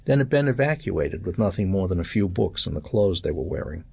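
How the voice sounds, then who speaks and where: An older man narrates a story in a calm, measured way. His voice sits very low, gravelly and deeply husky. The recording is close and dry. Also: no echo. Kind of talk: reading a first-person short story aloud.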